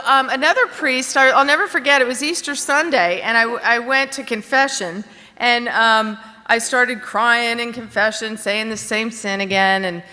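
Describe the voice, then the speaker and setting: A woman from Florida speaks candidly in a personal testimony, stumbling through fillers and restarts before breaking into animated quoted voices. Her voice is bright and a little high. The sound rings with the long reverb of a big conference hall. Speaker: recovery speaker.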